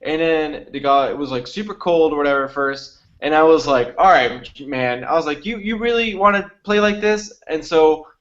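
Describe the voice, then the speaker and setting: A young man co-hosts a casual podcast, telling a long story and acting out what others said. His voice sits a little high, and the audio is dull and lo-fi. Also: normal speed, hardly any pauses. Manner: animated storytelling, acts out quotes, swears freely. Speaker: podcast co-host. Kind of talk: casual chat.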